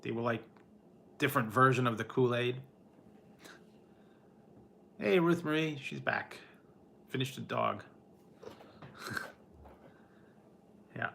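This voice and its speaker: A man's voice: mid-range voice, slow, vocal fry, long pauses, fairly bright tone, a little hiss or hum. A man hosting a casual livestream from home, rambling and laughing often as he chats with viewers and talks to his pet. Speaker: livestream host. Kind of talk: casual chat with live chat viewers.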